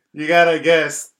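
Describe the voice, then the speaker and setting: A man's voice: fairly high pitch, fairly bright tone. A man from Indiana co-hosting a podcast, chatting casually and goofing around with friends, laughing often. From Indiana, USA. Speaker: podcast co-host. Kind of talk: casual chat among friends.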